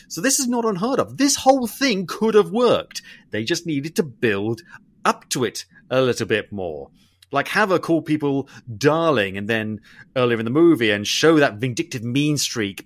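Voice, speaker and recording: A man, co-hosting a podcast and talking through a film review in a long-winded, animated way, swearing casually. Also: mid-range voice, dry recording. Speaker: podcast co-host.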